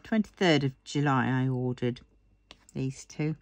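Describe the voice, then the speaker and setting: Tired, chatty woman, low voice. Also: a little slow, dry recording. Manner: rambling, chatty, drifts into soft murmurs while working. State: tired, yawning. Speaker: craft vlogger. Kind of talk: casual chat while diamond painting.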